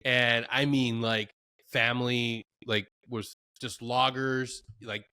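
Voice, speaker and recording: A man hosting a podcast, chatting in a relaxed, laid-back way with casual slang. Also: mid-range voice, slow pace, clean tone, no echo, studio quality. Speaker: podcast host. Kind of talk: casual conversation.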